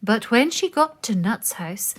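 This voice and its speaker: A woman reading a children's picture book aloud, with slow, expressive storytelling. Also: a little high.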